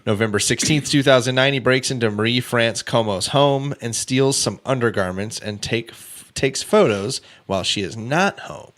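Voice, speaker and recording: A man hosting a casual true crime podcast, reading out a case timeline with offhand asides and quick self-corrections. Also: medium pitch, fairly bright tone. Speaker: podcast host.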